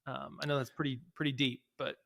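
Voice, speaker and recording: A man's voice: medium pitch, flat delivery, a little fast, creaky, pushed and bright. A man hosting a podcast, asking reflective questions in a casual, encouraging way. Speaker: podcast host. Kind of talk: casual interview chat.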